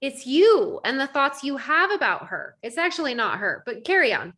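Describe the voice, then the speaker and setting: A high-pitched woman in her thirties leads a coaching call over video. She talks in a lively way and acts out her own inner thoughts in quoted voices. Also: moderate pace. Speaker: life coach.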